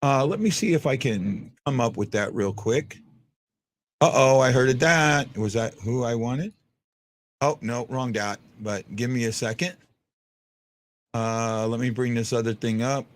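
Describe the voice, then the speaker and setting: A man's voice: medium pitch, unhurried. Rambling hockey fan show host, man. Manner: rambling, many restarts and fillers. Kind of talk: casual live-stream chat.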